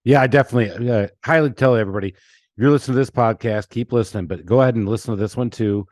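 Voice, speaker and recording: A man's voice: medium pitch, rapid-fire, a little mellow, no echo, studio quality. A man with a Southern US accent hosting a podcast, telling stories in a chatty way and laughing often. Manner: chatty storyteller, laughs often, lots of restarts. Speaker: podcast host. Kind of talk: casual chat.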